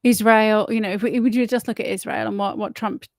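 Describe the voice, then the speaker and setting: A woman's voice: mid-range voice, steady tone, fairly quick, no room sound, clean studio sound. A woman hosting her own livestream, rambling in a blunt, opinionated way and swearing freely. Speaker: livestream host. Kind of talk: casual opinionated monologue.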